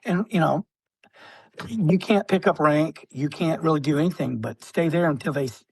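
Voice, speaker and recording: A man, a military veteran, telling stories as a podcast guest with many fillers, often clearing his throat. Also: a little high, moderate pace, no room sound. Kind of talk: casual storytelling interview.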